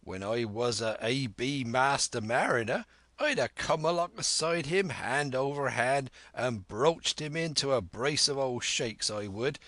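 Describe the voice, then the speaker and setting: A man's voice: mid-range voice, unhurried, a bit bright, dry recording, close to an everyday voice. A man voicing a cunning one-legged old sea cook who blusters in salty sailor slang. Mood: blustering. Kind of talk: audiobook character reading.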